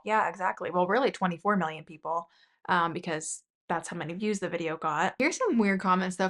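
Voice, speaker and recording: A woman's voice: mid-range voice, fairly bright tone. A woman hosting a commentary channel, indignantly critiquing a video and reading out viewer comments.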